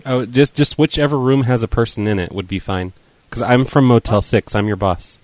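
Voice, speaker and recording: A man running a prank phone call, voice sitting at an ordinary middle pitch. He poses as an official with a flat, deadpan delivery, tripping over his words as he goes. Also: fairly quick, no room sound. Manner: stumbling, feigned-official deadpan. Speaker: prank caller and show host.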